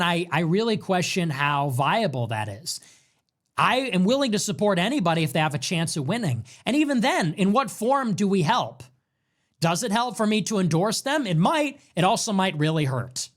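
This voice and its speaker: Animated high-voiced man ranting. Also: normal speed. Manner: mocking, quotes critics in exaggerated voices. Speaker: political livestream host. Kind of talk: casual ranting commentary.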